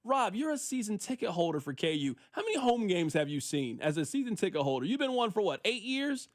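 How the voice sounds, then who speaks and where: Animated high-pitched male radio host. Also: brisk, dry recording, studio quality. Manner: animated, mock-exasperated, repeats himself. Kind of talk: sports radio talk.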